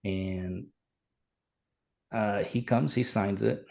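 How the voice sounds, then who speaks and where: A man's voice: fairly low pitch, extremely slow, vocal fry. Earnest man telling a story. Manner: animated, earnest, reenacts dialogue. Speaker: fire chief, podcast guest. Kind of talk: conversational storytelling.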